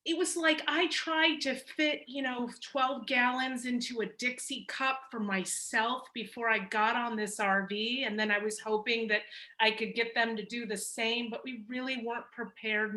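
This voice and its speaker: A woman filmmaker on a panel, telling an emotional story with animated energy and laughing now and then. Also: on the high side, low-quality recording.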